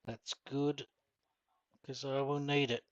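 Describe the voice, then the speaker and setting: A man's voice: medium pitch, flat delivery, slow pace, no room sound, muffled recording. Chatty Australian man, dry close mic. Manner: chatty, reads out and answers viewer comments. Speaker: gaming streamer. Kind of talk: casual live-stream chat while gaming.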